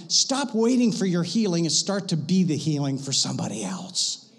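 Man, pastor, high-pitched, impassioned sermon, long church reverb. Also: expressive, normal speed. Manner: impassioned preaching, swings from loud to hushed. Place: church sanctuary.

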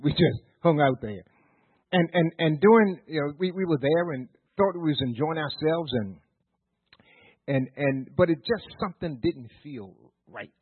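A man's voice: medium pitch, husky, no echo. A middle-aged man from Virginia preaching a sermon, telling folksy stories with stammered restarts and building into rhythmic repeated phrases. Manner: rising, rhythmic preaching repetition. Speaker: pastor. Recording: dry, tinny phone-like sound.

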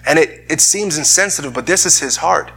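Male pastor, husky and bright-toned, earnest sermon delivery with frequent restarts. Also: a little high, fairly quick. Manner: earnest, repeats words while searching for phrasing. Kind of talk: sermon with scripture reading.

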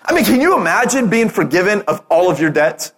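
A man preaching a sermon as pastor, telling a parable with lively acted-out quotes and rallying calls. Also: high-pitched, brisk. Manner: animated storytelling, acting out quotes.

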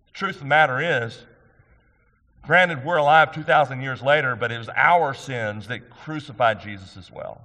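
Middle-aged man pastor, emphatic sermon delivery, bright forceful tone, long hall reverb. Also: on the high side, expressive, moderate pace. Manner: earnest, emphatic preaching with rhetorical questions.

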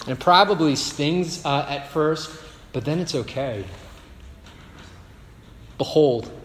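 A man's voice: medium pitch, fairly bright tone, slight background noise. A male pastor preaching a sermon, telling stories and tossing in rhetorical asides. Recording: echoey hall with faint ambience.

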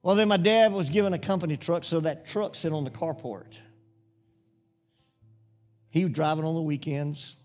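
Folksy preacher man, high voice. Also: normal speed, long pauses, a little mellow, soft background music. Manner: folksy storytelling, rising to fervent preaching. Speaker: pastor. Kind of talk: sermon with personal story.

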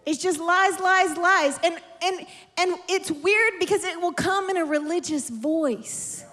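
A woman preaching in a charismatic church service, delivering prophetic words with impassioned, repetitive phrasing that builds to shouts. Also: very high-pitched, slow. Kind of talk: charismatic sermon. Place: church service in a warm room.

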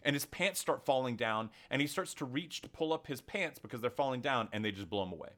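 Man, podcast co-host, emphatic, heated, very lively pitch, casual discussion. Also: fast. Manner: animated, emphatic, heated storytelling.

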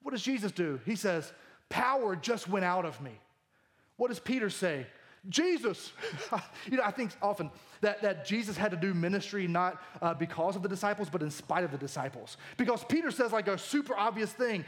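A man in his thirties preaching a sermon, animated and jokey, acting out the lines he quotes. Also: sits high, brisk. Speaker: pastor.

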